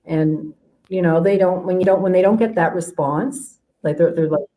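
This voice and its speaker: Guest spot: a low-pitched woman coach from Canada, rambling and chatty, full of fillers and restarts. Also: moderate pace, warm tone, rough recording. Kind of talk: casual interview chat.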